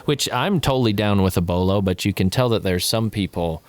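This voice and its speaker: A man's voice: on the low side, a little fast, no echo. A man co-hosting a podcast, chatting casually in a dry, wry way. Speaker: podcast co-host. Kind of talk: casual chat.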